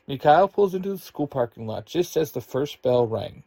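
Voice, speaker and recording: A man narrating an adventure story in an expressive, unhurried way. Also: a little high, no room sound.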